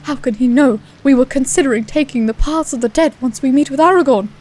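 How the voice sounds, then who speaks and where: A woman's voice: high voice, fast, a little mellow. A woman voicing a troubled male ranger, earnest and questioning.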